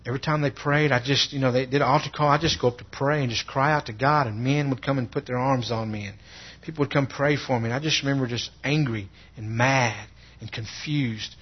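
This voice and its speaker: A husky middle-aged man with a drawl tells his own testimony in an earnest, halting voice. He stumbles and repeats words as he goes. The recording sounds dull and lo-fi. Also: medium pitch, steady tone. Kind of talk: personal testimony.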